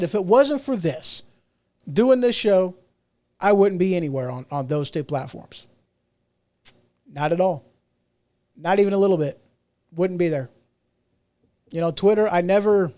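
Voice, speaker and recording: A middle-aged man with a notably high-pitched voice hosts his own podcast, talking alone in a loose, rambling rant. He repeats words and restarts his sentences, and he often pokes fun at himself. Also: warm tone. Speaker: podcast host. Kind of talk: casual solo rant.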